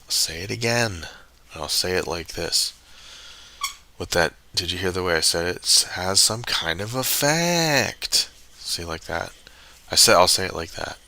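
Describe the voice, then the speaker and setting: A man's voice: low-pitched, steady tone, moderate pace, pauses often, sharp tone, a little hiss or hum. A man live-streaming a roulette-style game, muttering to himself and grumbling when bets miss. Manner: muttering, frustrated, talks to himself. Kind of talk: casual live-stream commentary while playing.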